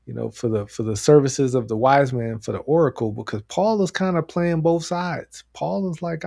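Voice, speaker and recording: Mellow-voiced man chatting about wrestling. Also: medium pitch, normal speed, creaky, few pauses, no room sound, clean studio sound. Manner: animated, rambling, laughs often. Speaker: podcast co-host. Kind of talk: casual wrestling chat.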